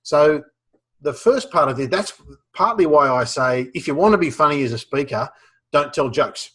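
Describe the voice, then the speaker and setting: An Australian man chatting loosely about using humor on stage. His voice sits a little high for a man. He pauses often and circles back with fillers and false starts. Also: slightly rough. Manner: relaxed, many fillers and restarts. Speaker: guest speaker on humor. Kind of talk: casual advice chat.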